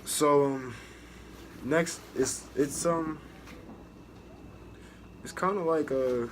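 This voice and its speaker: In this storytelling vlog, a young American man describes navy boot camp in a slightly high voice, speaking very slowly and pausing often. He's casual, profane, and rambling, restarting frequently, and there's a bit of hiss or hum.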